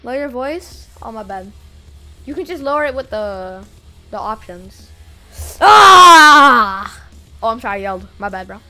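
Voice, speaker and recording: A streamer giving excited live commentary while playing a game with viewers, breaking into hyped shouts and chants. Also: mid-range voice, brisk, faint music behind. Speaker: livestreaming gamer playing with viewers.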